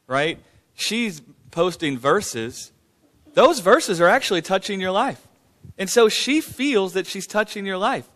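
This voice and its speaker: Leading a casual question-and-answer session at church, this man has a slightly bright voice on the high side. His fervent speech is peppered with "man" and "Glory to God."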